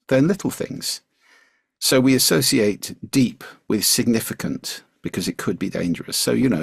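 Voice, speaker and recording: An older man, a podcast guest, explaining speaking skills in a measured, articulate way. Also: lowish voice, vocal fry, husky, no echo, studio quality. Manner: measured, articulate, slips into demonstration voices.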